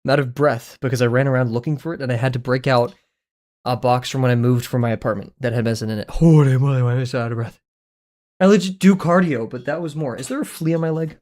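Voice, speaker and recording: Young guy rambling on his art stream, talks to himself, playful, swears a bit, medium pitch. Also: steady tone, fast talker, darkish tone. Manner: rambling, self-talking, playful, swears casually. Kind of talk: casual livestream chat while drawing.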